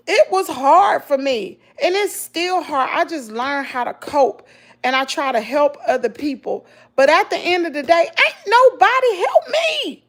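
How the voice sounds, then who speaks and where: A middle-aged vlogger with a Southern accent speaks a little slowly in a high-pitched voice. Her talk about hard times is casual, emotional, and animated, and she addresses her viewers as "y'all."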